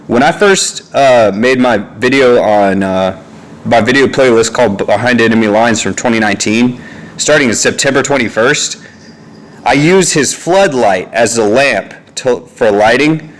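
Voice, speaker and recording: A man's voice: medium pitch, measured pace. A young man rambling at home in a casual monologue, full of fillers and asides, recorded on a phone. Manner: meandering, with frequent fillers and asides. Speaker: vlogger. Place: family home, indoors. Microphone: phone on a neck holder.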